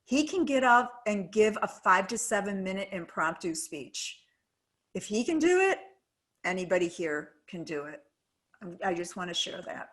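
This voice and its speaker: A woman's voice: mid-range voice, very animated, normal speed, a bit bright. A woman giving earnest, emphatic advice on public speaking during a video call webinar.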